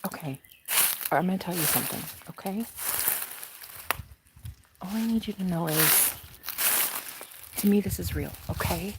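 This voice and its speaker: A young woman livestreaming from a backyard, talking in an excitable, gushing way that jumps between loud exclamations and hushed whispers. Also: fairly low pitch, unhurried, long pauses, heavy background noise. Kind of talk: casual livestream chat. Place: outdoors in a backyard.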